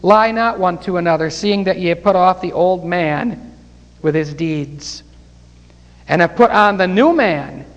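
A man's voice: sits high, long reverb tail, highs cut off. A man preaching a Bible study sermon and leading a closing prayer, fervent and breaking into praise. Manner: fervent, rising to exclamations of praise.

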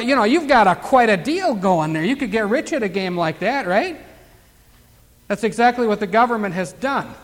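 An older man preaching a Bible teaching sermon in a folksy way, full of rhetorical questions and asides as he reads scripture aloud. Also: high voice. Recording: long hall reverb.

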